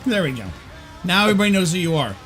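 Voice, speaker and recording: A man with a fairly high, very animated voice joins a casual livestream chat. He teases the others and keeps asking questions. His talk swings up and down with energy. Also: rapid-fire, soft background music. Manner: lively, teasing, asks questions.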